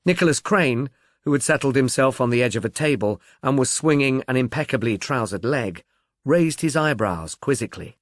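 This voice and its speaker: A man narrates a detective novel in a measured, expressive way, his medium-pitched voice rising and falling freely. The recording is dry and close, with no room sound. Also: dry recording.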